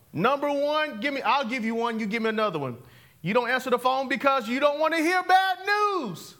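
A male pastor, preaching an interactive, call-and-response sermon that swings from loud to hushed, laughing often. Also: extremely high pitch, animated, brisk.

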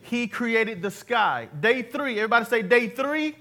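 Male pastor with a high voice, conversational sermon full of call-and-response, talking to a live congregation. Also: animated, moderate pace, sharp tone. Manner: conversational, jokey preaching. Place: church before a live congregation.

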